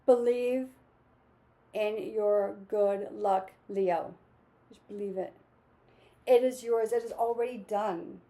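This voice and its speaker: A woman's voice: on the high side, measured pace, warm tone. A woman giving a casual, enthusiastic tarot and astrology reading, repeating her affirmations. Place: home with lawnmowers outside.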